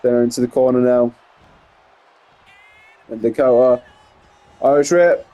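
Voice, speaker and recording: A man giving play-by-play commentary over a wrestling video game, getting excited on big moves and rambling into asides full of fillers. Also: medium pitch, measured pace. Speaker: gameplay commentator.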